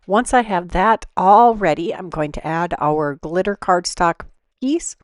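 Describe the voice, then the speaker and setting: A woman with a fairly low voice talks through a paper craft project step by step, relaxed and unhurried, with the odd "um". The recording is dry and close, with no room sound. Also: no echo. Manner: relaxed, step-by-step explaining with fillers. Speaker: card-making tutorial host. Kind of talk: voice-over craft tutorial.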